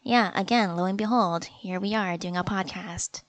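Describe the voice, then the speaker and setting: A young woman with a high, girlish voice talks fast and giggles a lot in casual podcast chat. She sounds a little self-conscious. The recording is close and dry, with no room echo. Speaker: podcast co-host.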